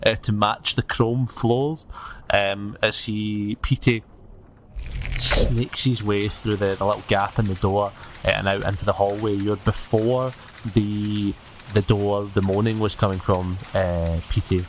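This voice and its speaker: Relaxed man running the game. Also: fairly low pitch, unhurried, a little hiss or hum. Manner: relaxed, hesitant with frequent ums. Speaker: game master. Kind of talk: narrating a tabletop game.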